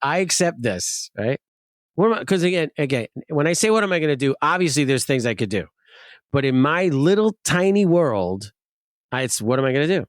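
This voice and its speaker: A man's voice: a little high, very animated, moderate pace, no room sound, clean studio sound. A man telling a personal story in a casual, self-mocking way, laughing as he goes. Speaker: guest storyteller.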